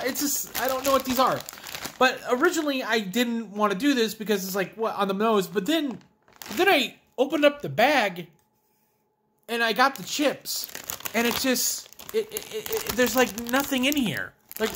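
A man's voice: sits high, fairly bright tone, breathy edge. Ranting, sarcastic young-sounding man. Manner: ranting, sarcastic, with restarts and swearing. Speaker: food reviewer. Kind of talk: casual vlog taste test.

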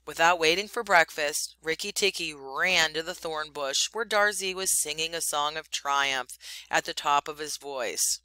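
Slow, expressive woman reading a story. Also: low voice, smooth, no room sound. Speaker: teacher.

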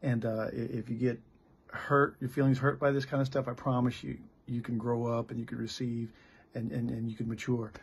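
A middle-aged American pastor and missionary delivers a blunt, candid sermon in a brisk, level, mid-range voice that's gravelly and very raspy. He speaks plainly and frequently restarts his sentences.

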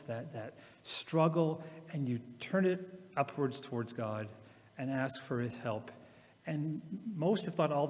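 A male pastor giving a sermon, then reading scripture slowly and reflectively with long pauses. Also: medium pitch, darkish tone, in a large hall. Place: church.

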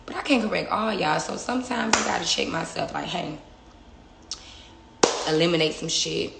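A woman's voice: sits low, lively intonation, moderate pace, creaky, roomy sound, heavy background noise. A young woman livestreaming from her phone, talking bluntly and with plenty of swearing in a casual, confrontational chat. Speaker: livestream host.

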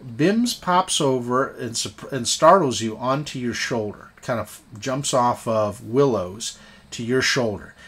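A man narrating a tabletop game as game master, halting and often repeating words. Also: medium pitch, fairly bright tone, breathy edge.

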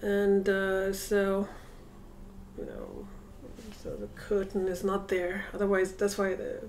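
A woman's voice: mid-range voice, sing-song, slow pace, gravelly, a little mellow, a little hiss or hum. A woman talking casually to a camera set up across a room at home, reflective and rambling, with many hesitations. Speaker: vlogger. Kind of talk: casual vlog monologue.

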